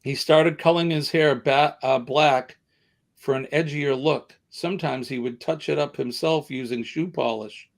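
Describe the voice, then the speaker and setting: A man's voice: fairly high pitch, fairly even intonation, moderate pace, gravelly. A man with a Southern American accent hosting a live stream, chatting casually and rambling with many fillers. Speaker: livestream host.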